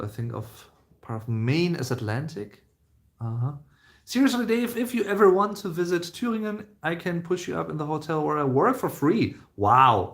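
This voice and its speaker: A man's voice: fairly high pitch, fairly bright tone. Chatty man live streaming. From Germany. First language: German. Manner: chatty, rambling, with many fillers and restarts. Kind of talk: casual live-stream Q&A chat.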